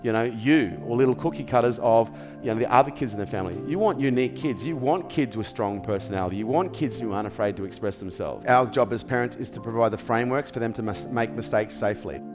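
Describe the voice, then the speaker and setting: A man's voice: mid-range voice, fast, hardly any pauses, long reverb tail, over music. An Australian man speaks in a firm motivational style, his voice sitting in an ordinary middle register. He repeats key phrases for emphasis and keeps checking that the listener is following. It sounds like an interview where he hands out advice as a coach. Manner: emphatic, repetitive, asks "okay?" and "does this make sense?". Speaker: business coach sharing parenting advice.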